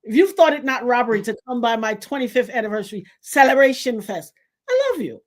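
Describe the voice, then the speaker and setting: A woman hosting a livestream, telling a funny story in an animated, preachy way and laughing often. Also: a little high, fairly quick. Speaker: livestream host. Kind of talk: lively storytelling chat.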